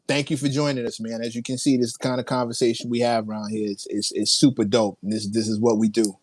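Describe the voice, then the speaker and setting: A man hosts a livestream and reacts to viewer comments, hyped and laughing as he goes. His voice sits at an ordinary middle pitch, and he often repeats his phrases. The sound is close and dry, with little room around it. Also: little pitch movement, quick pace, no echo. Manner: hyped, laughing, repeats phrases, playful hip hop slang. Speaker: livestream host.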